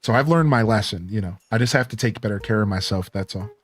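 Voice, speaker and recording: A male game streamer chatting casually with his live viewers, relaxed and rambling with lots of "like" and "you know", his voice still a bit worn. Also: fairly low pitch, fast talker, husky.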